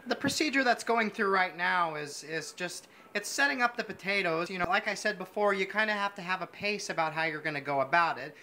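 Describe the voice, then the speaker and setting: A man's voice: high voice, pushed and bright. A man hosting a mock cooking show, gushing pompously over every dish as he works in a home kitchen. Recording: noisy kitchen sound.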